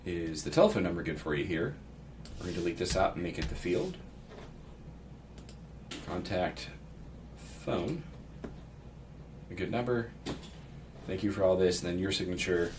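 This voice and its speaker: Low-voiced man walking through a tutorial. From Pittsburgh, United States. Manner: relaxed, thinks aloud, reads template text aloud with asides. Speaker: real estate agent giving a software tutorial. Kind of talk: casual screen-share walkthrough. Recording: slightly distant mic with faint background noise.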